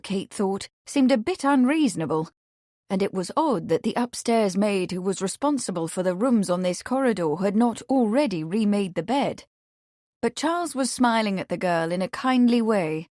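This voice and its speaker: A woman's voice: medium pitch, dry recording, clean studio sound. Woman narrating a mystery audiobook. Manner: even, measured reading. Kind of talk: scripted narration.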